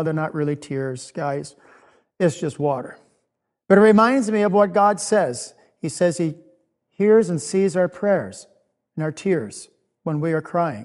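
A man giving a gentle children's sermon, often asking the children questions and dropping to a soft, quiet voice. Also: a little high. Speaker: children's minister. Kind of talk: children's object lesson sermon.

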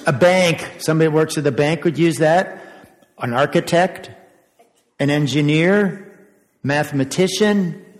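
An older male pastor gives a children's sermon in a chatty, questioning way, chuckling now and then. His voice sits a little high for a man. It rings out through a long-echoing sanctuary. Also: a little slow. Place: church sanctuary. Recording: echoey church sanctuary.

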